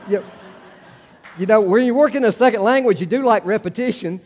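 A middle-aged American man giving a sermon, his voice a little higher than most men's yet soft and mellow in tone. He talks to the congregation like a friend, slipping in wry asides before climbing to emphatic high points. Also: moderate pace, long pauses. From United States. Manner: conversational preaching with asides and self-deprecating jokes; rises to emphatic peaks on key phrases. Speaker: pastor.

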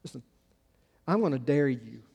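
Earnest pastor preaching in a reverberant hall. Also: male voice, mid-range voice, lively intonation, gravelly, dark tone, husky. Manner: earnest, halting with many restarts, builds to emphatic peaks. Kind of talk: sermon.

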